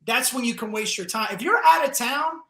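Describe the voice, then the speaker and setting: A man with a New Jersey accent, telling animated stories in a casual podcast chat and swearing freely. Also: extremely high pitch, a little fast, echoey room. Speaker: guest comedian.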